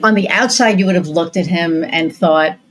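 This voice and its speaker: A woman's voice: on the low side, normal speed, a little hiss or hum, poor audio. A woman hosting a podcast, chatting casually and telling a story with lots of fillers and restarts. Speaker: podcast host. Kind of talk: casual interview chat.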